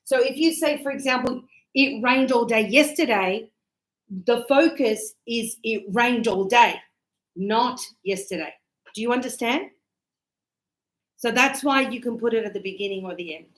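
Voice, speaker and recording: A woman's voice: a little high, moderate pace. A woman teaching an English grammar lesson to a class, explaining patiently with examples and encouraging her students. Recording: echoey classroom sound.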